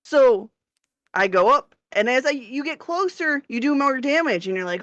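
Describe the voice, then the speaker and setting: A woman co-hosting a podcast, telling a story in an animated way, swearing and laughing as she goes. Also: high voice, moderate pace, no echo. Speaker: podcast co-host. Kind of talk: casual chat. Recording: dull lo-fi dry sound.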